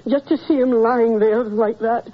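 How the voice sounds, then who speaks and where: A woman playing a frightened, tearful landlady in a 1940s radio drama, breathy and stammering. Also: a little high, fairly even intonation, measured pace. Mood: distraught. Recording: dull old radio recording.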